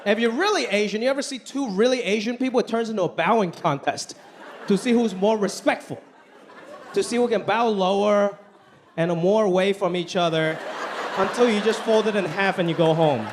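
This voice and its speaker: A man performing a stand-up comedy routine on a club stage, talking in an animated way and acting out the voices he quotes. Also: high-pitched, moderate pace. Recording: live club recording with crowd noise. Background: audience laughter.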